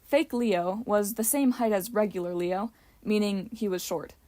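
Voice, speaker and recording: A woman reading a novel aloud for a homemade audiobook. She carries the story at an even, steady storytelling pace, with a voice of ordinary pitch. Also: a little slow. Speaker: audiobook narrator. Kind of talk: amateur audiobook narration.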